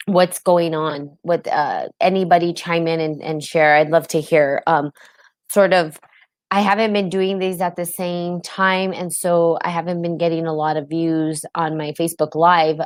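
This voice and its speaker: A woman's voice: lowish voice, no echo. A woman with a New Jersey accent hosting a live stream, talking in a heated, casual way and asking her viewers questions. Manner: impassioned, asks viewers questions, many fillers. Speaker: podcast host on a live stream.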